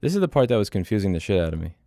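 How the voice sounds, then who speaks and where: A middle-aged man with a very low, gravelly voice talks casually on a coding livestream. He is blunt and swears freely, often muttering to himself. The sound is dry and close, with no room echo. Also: big pitch swings, racing, mellow. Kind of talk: casual livestream chat while programming.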